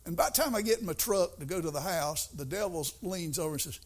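A middle-aged man delivers a sermon in a folksy, storytelling way. His voice sits fairly high for a man. He drops to quiet asides and then rises to loud, emphatic bursts. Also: expressive, fast talker, faint music behind. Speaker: preacher.

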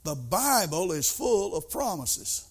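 Middle-aged preacher, folksy storyteller, fairly high voice, drops to soft asides then builds to loud bursts. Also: male voice, very animated, slow, slightly rough. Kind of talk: sermon.

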